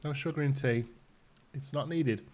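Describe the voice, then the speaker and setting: This time his voice is mid-range and darkish, at a moderate pace. The young British host keeps the live stream casual, bantering with chat, joking, and laughing frequently.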